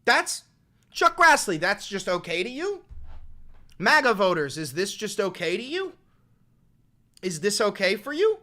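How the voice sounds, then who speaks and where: A man's voice: high-pitched, big pitch swings, unhurried, pauses often, pushed and bright. Fiery young man ranting on stream. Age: 20s. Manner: profane, impassioned ranting. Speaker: live streamer. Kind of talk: angry political commentary livestream. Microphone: desk microphone.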